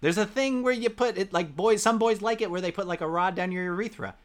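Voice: medium pitch, fairly quick. A podcast co-host in casual chat, wisecracking and making crude jokes.

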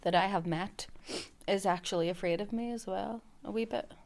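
Lively Northern Irish woman telling stories. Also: mid-range voice, normal speed. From Belfast, Northern Ireland. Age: young adult. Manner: lively storyteller, swears freely. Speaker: podcast co-host. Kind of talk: casual chat.

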